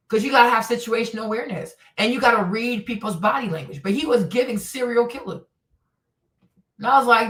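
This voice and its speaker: A woman with a bright, forceful voice pitched a little high rants bluntly and profanely. She tells her stories with animated swings. The sound is roomy and echoey, with her voice set back from the microphone. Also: moderate pace, distant mic. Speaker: streamer host. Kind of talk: casual ranting commentary. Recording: echoey room, voice a bit off-mic.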